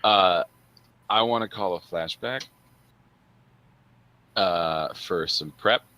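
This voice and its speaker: A man taking part in a tabletop role-playing game, with a very low voice that has a sharp, bright edge. He describes his moves eagerly, pausing on lots of "uh"s. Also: clear, resonant tone, no room sound, poor audio. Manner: eager, hesitant with many "uh"s. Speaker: player. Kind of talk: tabletop role-play chat.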